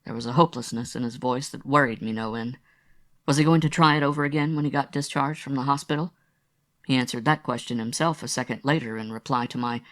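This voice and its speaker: A man narrating a literary audiobook in a measured, confessional storytelling manner. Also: mid-range voice, fairly even intonation, fairly bright tone.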